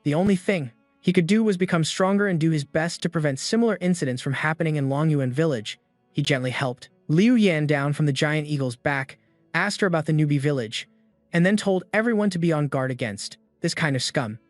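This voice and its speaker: A man's voice: a little high, a little fast, no echo. A man steadily reading a scripted story recap. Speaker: narrator. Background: faint background music.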